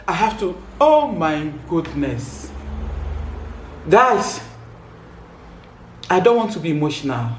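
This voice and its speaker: A woman with a Ghanaian English accent gives an emotional faith testimony, speaking fervently and repeating rhetorical questions. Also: on the low side. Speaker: vlogger sharing testimony. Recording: echoey room.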